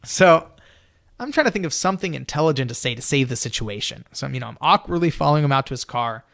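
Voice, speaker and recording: A young man telling a personal story in a lively, animated way, acting out his younger self and often saying "you know". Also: quick pace, creaky, no room sound, clean studio sound. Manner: lively, acts out his own younger self in a high excited voice; peppers speech with "you know". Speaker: storyteller guest.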